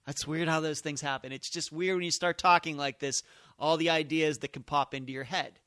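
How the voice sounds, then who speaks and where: A man's voice: a little high, steady tone, a little fast, bright, forceful tone, clear, resonant tone, dry recording, clean studio sound. A man hosting a solo podcast, thinking aloud in emphatic, musing commentary. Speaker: podcast host.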